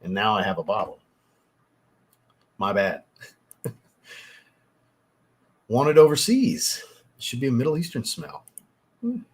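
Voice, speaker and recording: Male livestream host, lower voice, slightly husky, relaxed casual chat with viewers. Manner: laid-back, swears casually, chatty asides to viewers. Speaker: livestream host, fragrance reviewer. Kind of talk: casual livestream chat reading super chats.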